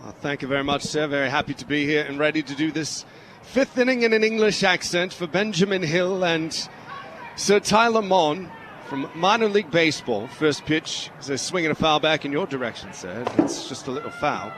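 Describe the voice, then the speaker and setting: A man's voice: fairly high pitch, normal speed. A man doing radio play-by-play of a baseball game in a playful put-on English accent. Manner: playful mock-British delivery. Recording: radio broadcast with loud background noise.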